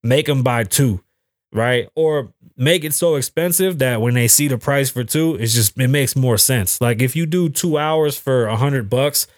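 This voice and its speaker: Measured in pace and medium in pitch, a young male podcast host riffs alone on his talk show, swearing freely and performing quotes as he tells stories. The sound is dry and studio-clean.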